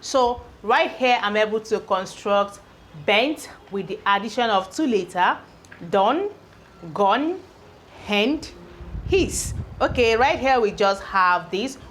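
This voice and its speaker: A woman's voice: mid-range voice, animated, slow, slight background noise. A woman teaching an English spelling lesson, repeating each word and checking in with "okay?". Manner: repeats each word several times, ends points with "okay?".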